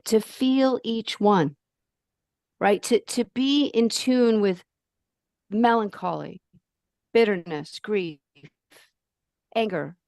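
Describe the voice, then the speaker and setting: A woman guesting on a podcast, talking in an emphatic, outspoken, animated way with big swings in pitch. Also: slow, vocal fry, long pauses, no echo, studio quality. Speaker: podcast guest, life purpose coach. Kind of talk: casual podcast conversation.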